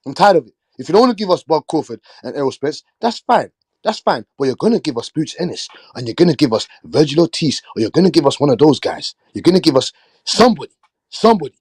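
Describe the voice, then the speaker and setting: A man's voice: on the high side, very animated, fast, a little mellow, husky, dry recording. Fired-up man ranting about boxing. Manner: fired-up, swearing, repeating himself. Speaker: boxing show host. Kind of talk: heated casual rant.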